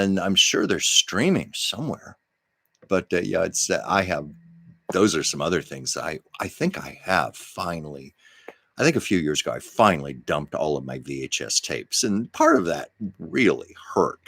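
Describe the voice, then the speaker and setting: A man's voice: deep voice, fairly bright tone, no echo, studio quality. A man hosting a livestream from home, telling rambling, chatty stories and often correcting himself. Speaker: livestream host. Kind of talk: casual storytelling chat.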